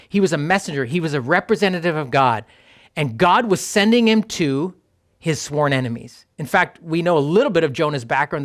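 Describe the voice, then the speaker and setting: A male pastor preaching a sermon in a conversational, emphatic way, sometimes dropping to a near whisper on key points. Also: a little high.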